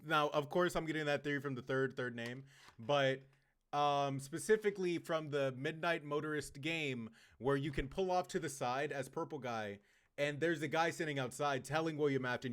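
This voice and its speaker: A young man reacting to a horror game, loud and excitable, swearing and stammering through restarts. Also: medium pitch. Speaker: gaming reaction host.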